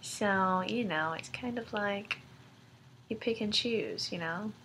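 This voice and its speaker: A woman's voice: mid-range voice, slow pace, a bit bright, a little hiss or hum. A young woman vlogging casually to her friends, rambling with many ums and likes and giggling between thoughts. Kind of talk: casual video-letter chat to friends.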